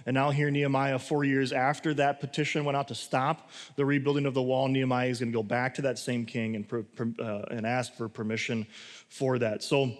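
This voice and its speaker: A man's voice: medium pitch, flat delivery, brisk, in a large hall. A man preaching a casual sermon as pastor, talking conversationally with many fillers and restarts.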